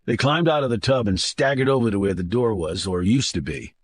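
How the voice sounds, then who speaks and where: A man's voice: on the low side, lively intonation, a little fast, husky. Man narrating a thriller audiobook. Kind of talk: scripted narration.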